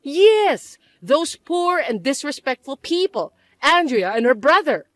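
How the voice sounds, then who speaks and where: A woman voicing a scheming, bossy middle-aged mother-in-law who talks in a shrill, accusing way. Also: very animated, measured pace, no echo. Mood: shocked. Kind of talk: dramatized story voice acting.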